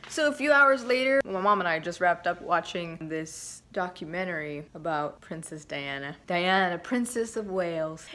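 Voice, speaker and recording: At home, with wind blowing outside, a young woman vlogger chats playfully to the camera and jokes around. Her voice has a medium pitch and a fairly bright tone.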